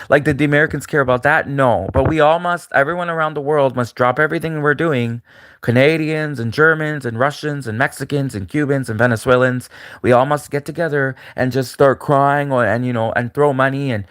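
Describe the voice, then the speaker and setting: A man's voice: mid-range voice, smooth, dry recording. Rambling man with a dry close sound. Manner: rambling, repetitive, frequent fillers and restarts, mocking put-on voices. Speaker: commentator. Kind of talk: rambling solo monologue.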